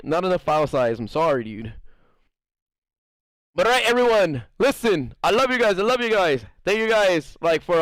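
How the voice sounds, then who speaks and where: A young man chatting casually on his game stream, rambling through animated stories and playing out the quoted lines of others. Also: fairly high pitch, no room sound, poor audio. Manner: rambling, animated storytelling, playful acted-out quotes. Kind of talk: casual live-stream chat.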